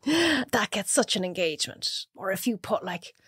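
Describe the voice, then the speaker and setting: An Irish woman cook talking as a podcast guest, a chatty, animated storyteller who laughs often. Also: mid-range voice, moderate pace, husky, dry recording, studio quality. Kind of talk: casual chat.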